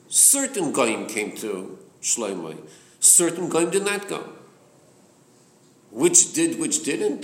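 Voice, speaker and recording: Animated man leading a Torah class. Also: medium pitch, a little hiss or hum. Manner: animated, poses and answers his own questions. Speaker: class leader. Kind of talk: Torah study class discussion. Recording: roomy echo.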